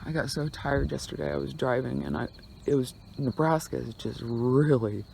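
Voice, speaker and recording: A man's voice: medium pitch, fairly even intonation, normal speed, creaky, a little mellow. A man vlogging on a road trip, chatting casually to a handheld phone at an outdoor forest campsite, rambling and trailing off as he talks. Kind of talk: casual chat to camera. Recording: wind-buffeted outdoor phone audio. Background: wind and crickets.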